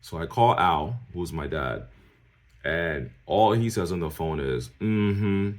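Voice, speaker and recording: A man from New York telling his viewers a personal story in a casual, animated way. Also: extremely low pitch, unhurried. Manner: animated, talks straight to viewers, acts out the people he quotes. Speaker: storyteller vlogger.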